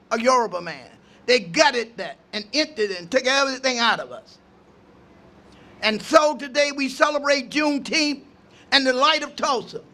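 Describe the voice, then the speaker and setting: An older man, an imam, giving an impassioned outdoor speech at a park gathering, preaching with refrains and rising to shouts. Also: very high voice. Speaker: imam speaking at a ceremony.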